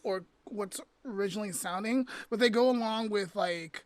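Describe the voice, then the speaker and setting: Animated woman podcast co-host, dry close sound. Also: medium pitch, moderate pace, few pauses, no echo. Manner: animated storyteller. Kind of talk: casual podcast chat.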